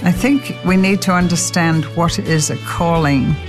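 A woman's voice: unhurried, long reverb tail, music in the background. An older woman teaching from the Bible in a sermon, telling stories animatedly and acting out the quotes. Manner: animated storytelling, acting out quotes with lively pitch jumps.

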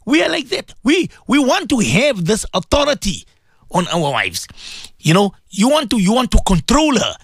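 Male Islamic radio host, preachy and fervent, high lively voice with husky edges, piles on rhetorical questions. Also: moderate pace, dry recording, studio quality. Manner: impassioned, repeats words, many rhetorical questions. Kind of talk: preaching radio talk to listeners.

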